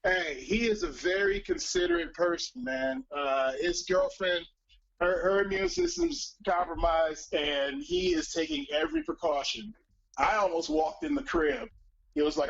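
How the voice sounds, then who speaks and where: A man casually telling a story on a live stream, profane and animated, acting out the voices of other people. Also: high voice, moderate pace, creaky, lo-fi sound.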